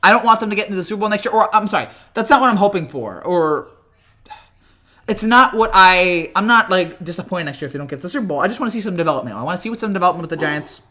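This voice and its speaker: Excitable young man with cracking voice. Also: high-pitched, racing. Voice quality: voice cracks often. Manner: rambling, excitable, repeats himself. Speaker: live stream host. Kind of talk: casual live reaction stream.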